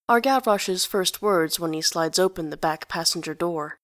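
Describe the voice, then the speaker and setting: A woman narrating a story aloud in an even storytelling delivery. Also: lowish voice, normal speed, no room sound, studio quality. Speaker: reader.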